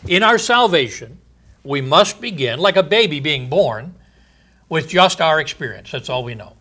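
A man preaches a sermon in an earnest, teaching manner, asking rhetorical questions and pausing for emphasis. His voice sits on the high side, with lively intonation and a sharp tone.

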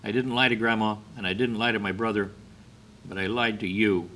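A man's voice: lowish voice, level tone, brisk, sharp tone. A man voicing an anxious, honest six-year-old girl in a sermon story, speaking earnestly. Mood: worried, confessing.

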